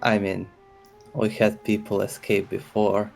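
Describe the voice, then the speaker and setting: A man's voice: on the low side, level tone, unhurried, vocal fry. Young guy roleplaying a captain, stutters a bit, music faintly behind. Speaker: player. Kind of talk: in-character roleplay.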